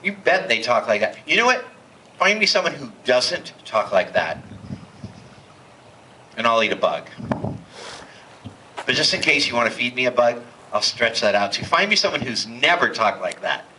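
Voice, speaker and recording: Guy preaching in church, super bright voice, swings all over the place, gets fired up. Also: mid-range voice, very animated, moderate pace, pauses often, a little hiss or hum, poor audio. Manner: impassioned, rising to emphatic peaks. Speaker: pastor. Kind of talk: sermon. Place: church hall.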